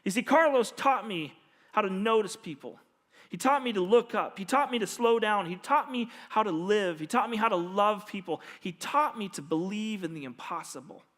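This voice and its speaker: A man preaching as a pastor, telling a personal story earnestly and dropping to a hushed voice when he quotes others. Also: high voice. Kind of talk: storytelling sermon. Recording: long hall reverb.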